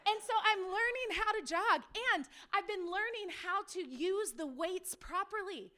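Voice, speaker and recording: A woman pastor preaching a sermon, telling stories in a lively way, acting out the people in them and putting questions to her listeners. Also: extremely high pitch, a little slow. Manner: lively storytelling, acts out quoted people; speaks to the audience directly with questions.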